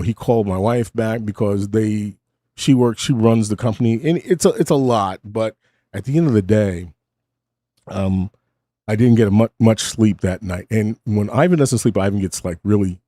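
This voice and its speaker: A middle-aged man with a low, warm voice drifts through a casual late-night monologue at a studio mic. He interrupts himself often and drops wry asides, sounding short on sleep. The sound is dry and close. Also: normal speed, no room sound. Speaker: host of a late-night stream. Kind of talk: casual rambling talk. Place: home studio. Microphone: studio mic with cough button.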